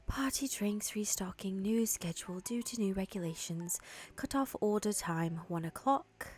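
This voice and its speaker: A woman's voice: mid-range voice, normal speed, a little mellow, close to an everyday voice. A woman whispering a young female game character reading out a shop note, with an accent put on, as a whispered role-play. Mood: hushed. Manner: puts on an accent.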